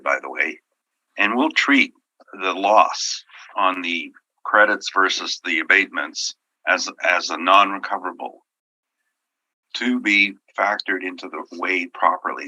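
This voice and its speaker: A man managing a property, presenting his appeal at a formal hearing in an earnest, halting way with many fillers. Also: deep voice, bright, forceful tone, breathy edge, low-quality recording.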